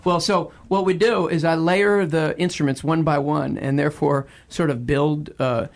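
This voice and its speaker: A man's voice: on the high side, fairly even intonation, moderate pace, gravelly. A man who performs music for children, chatting and joking playfully on live radio. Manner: playful, hammy, sings and shouts with kids. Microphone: studio microphone. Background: guitar playing.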